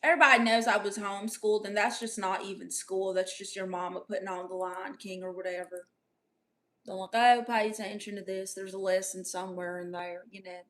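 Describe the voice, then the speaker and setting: A woman's voice: medium pitch, fairly even intonation, a little fast, a bit bright. A woman doing a comedic livestream in character, brash and playfully boastful as she reads out chat messages.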